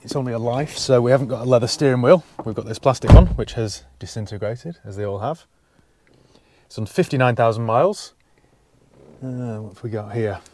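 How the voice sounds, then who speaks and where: A man's voice: mid-range voice, fairly quick, dark tone, a little hiss or hum. A man giving a casual, dry-humoured walkaround of a used car he has bought, talking from inside the parked car on a cold day. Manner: dry, wry asides.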